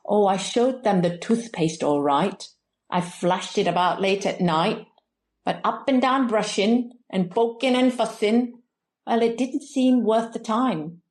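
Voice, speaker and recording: A woman's voice: on the high side, darkish tone, reverberant. A woman reciting a comic poem as a rueful older person from the West Country, putting on an attempted West Country accent with a sing-song rhyming delivery.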